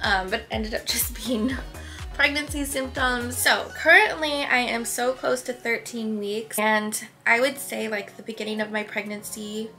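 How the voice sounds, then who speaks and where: A woman's voice: fairly high pitch, steady tone, unhurried, bright, forceful tone, soft background music. A young woman vlogging casually to camera, chatty and rambling, a little out of breath. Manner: chatty, rambling, frequent laughs.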